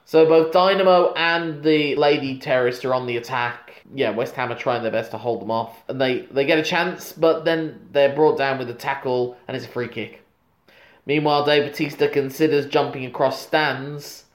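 A man's voice: medium pitch, steady tone, moderate pace, echoey room. A man recapping a film plot in casual chat, with dry asides. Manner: narrates plot in long runs, dry asides. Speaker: podcast co-host recapping a film.

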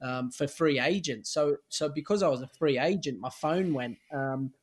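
An Australian man in his forties, a former footballer appearing as a podcast guest, speaks at normal speed in a fairly high voice. He tells candid, rambling stories in a relaxed, anecdotal way, with lots of fillers and casual swearing.

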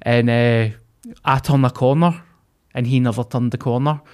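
A man's voice: medium pitch, fairly even intonation, normal speed, darkish tone. A man, co-hosting a podcast and telling a vivid, sweary story in casual chat. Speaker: podcast co-host.

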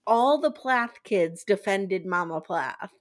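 A woman hosting a podcast, recapping a TV show in a chatty, animated, gossipy way. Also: mid-range voice, slow. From eastern United States. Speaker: podcast host. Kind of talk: casual podcast chat.

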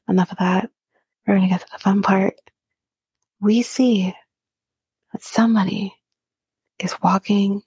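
Brief: woman, whispered reality TV recap, slow and gravelly, cursing casually, dry close sound. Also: medium pitch, darkish tone, dry recording. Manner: casual, profane, laughs while talking.

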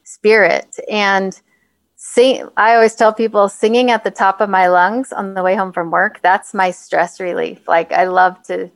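A woman's voice: mid-range voice, a little slow, creaky, no room sound. Chatty woman co-host, dry close mic. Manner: chatty, laughs easily, relaxed. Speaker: podcast co-host, health coach. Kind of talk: casual podcast discussion.

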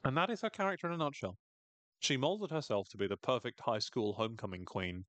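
A man's voice: medium pitch, brisk, a bit bright, no echo. A man hosting a podcast, recapping a TV episode in a wry, chatty way with frequent laughs. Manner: wry, chatty, laughs often, quotes characters in funny voices. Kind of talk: casual chat.

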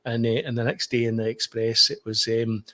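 Man, middle-aged, Scottish accent, podcast guest, rambling storyteller, mid pitch. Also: flat delivery, a little fast, pushed and bright. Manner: rambling storyteller, many restarts and "you know". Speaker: sports journalist, guest. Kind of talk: anecdotal podcast chat.

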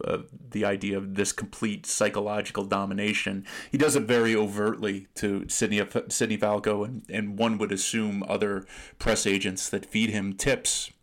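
A man in casual film discussion, measured and thoughtful, pausing often with ums. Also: on the low side.

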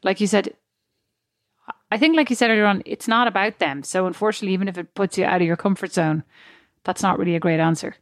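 Animated woman telling stories, dry sound. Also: mid-range voice, fast, no room sound. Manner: animated storyteller, laughs easily. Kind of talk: casual chat.

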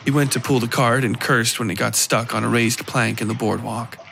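Guy narrating a spooky story, gravelly voice, faint hiss behind. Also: medium pitch, steady tone, fairly bright tone. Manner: measured, storytelling. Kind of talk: scripted horror story narration.

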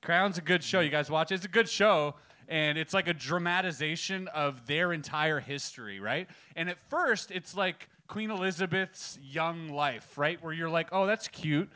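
A man's voice: on the high side, moderate pace, bright, forceful tone. A man co-hosting a comedy podcast, chatting loosely with plenty of swearing and filler words. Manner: loose, swearing, lots of "yeah" and "like". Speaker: podcast co-host. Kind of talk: casual comedy podcast chat.

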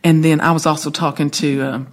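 A woman with a Southern US accent, a songwriter guest chatting and telling animated stories with laughs. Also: deep voice, a little fast. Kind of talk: casual storytelling chat.

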